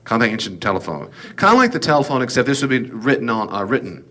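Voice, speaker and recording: A man's voice: medium pitch, very animated, fast talker, pushed and bright. A man teaching an informal Bible class, folksy and digressive with joking asides.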